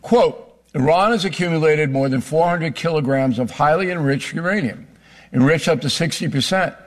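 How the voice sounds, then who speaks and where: Argumentative man debating politics. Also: fairly high pitch. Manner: forceful, argumentative, interrupts. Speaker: political commentator.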